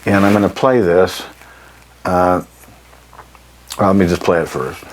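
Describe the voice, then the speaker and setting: A man teaching saxophone articulation, explaining in an unhurried way, often clearing his throat and pausing with ums. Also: low voice, steady tone. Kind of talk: instructional lesson.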